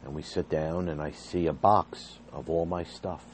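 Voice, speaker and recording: A man's voice: a bass voice, fairly even intonation, normal speed, a little hiss or hum. A man earnestly recounting, in an emotional personal story, how he was fired from his job as a behavior therapist. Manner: earnest, agitated retelling with rising intensity.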